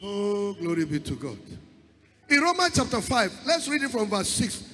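A man preaching a sermon with dramatic swells and drawn-out stressed words. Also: high-pitched, big pitch swings, a bit bright, big-room sound, soft background music.

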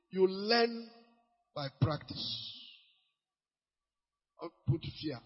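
A man with a Nigerian accent preaching a sermon as pastor, lively and mixing Pidgin, sometimes breaking into shouts. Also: sits high, extremely slow, pauses often. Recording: muffled, long hall reverb.

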